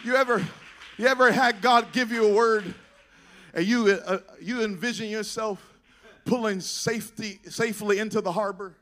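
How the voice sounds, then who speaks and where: High-voiced preacher shouting and half-singing. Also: male voice, fairly even intonation, normal speed. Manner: calls out to the congregation. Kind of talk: sermon.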